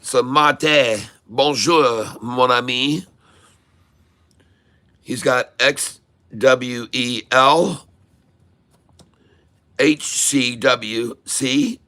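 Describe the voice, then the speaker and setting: Playful male stream host; unhurried delivery, bright tone. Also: mid-range voice, no echo. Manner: playful, jokey hype with kiss sounds and joke French and Spanish; chart-pointing teacher, addresses viewers as folks. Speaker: stock-trading stream host. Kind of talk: live trading stream commentary.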